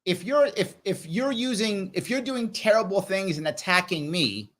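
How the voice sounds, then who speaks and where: Brief: middle-aged male livestream host, slightly high voice, very lively pitch, chatty direct commentary. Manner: animated, talks straight to viewers, acts out others in quick voices. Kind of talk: live Q&A commentary.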